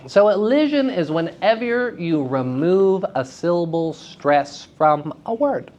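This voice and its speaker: A man lecturing acting students at a school workshop, animated and playful, leading them in call-and-response drills. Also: high-pitched, takes it slowly, lo-fi sound. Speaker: acting teacher. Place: school theater festival workshop room.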